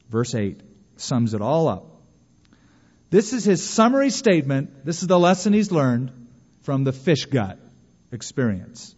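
A man preaching a sermon as a pastor, animated, moving between hushed and emphatic delivery. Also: mid-range voice. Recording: dull sound with long hall reverb.

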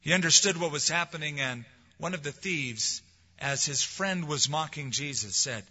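A man preaching a sermon as pastor, rising to loud emphasis and dropping to quiet lines. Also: a little high, moderate pace, breathy edge, big-room sound, lo-fi sound. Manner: preaching with swelling emphasis and soft drops.

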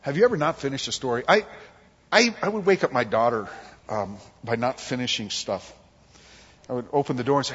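A man's voice: medium pitch, brisk, slightly rough, big-room sound, muffled recording. A man preaching a conversational sermon, acting out quotes and jokes from his family life. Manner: animated, conversational, acts out quotes. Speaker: pastor. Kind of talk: expository sermon.

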